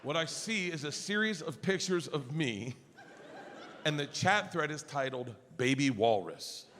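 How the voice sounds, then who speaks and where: Deadpan male storyteller, long hall echo, noisy live recording. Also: on the high side, a little slow. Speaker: comedian. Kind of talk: storytelling narration.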